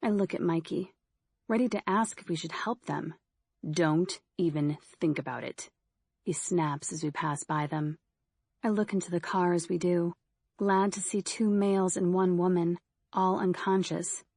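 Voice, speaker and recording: A woman with a low voice reads first-person horror fiction in a steady, measured way. She is recorded on a close studio mic with a dry, dead sound. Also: no room sound. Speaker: audiobook narrator.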